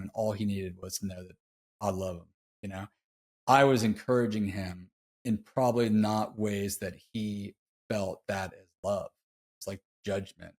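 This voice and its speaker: A middle-aged man telling a personal story as a podcast guest, laid-back and slangy, heartfelt and confessional. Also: on the low side. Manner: laid-back, slangy, peppers speech with "dude". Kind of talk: casual interview storytelling.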